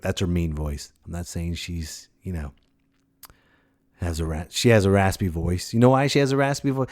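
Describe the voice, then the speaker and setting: A man's voice: deep voice, normal speed, darkish tone. A man hosting a podcast, delivering a joking, rambling comic monologue. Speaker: podcast host.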